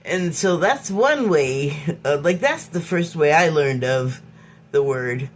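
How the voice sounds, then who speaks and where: A woman hosting her own podcast, speaking in an unscripted, reflective monologue. She talks in a halting, musing way, often pausing to search for words and restarting her phrases. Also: sits low, lively intonation, a little hiss or hum. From Hollywood, United States. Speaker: podcast host.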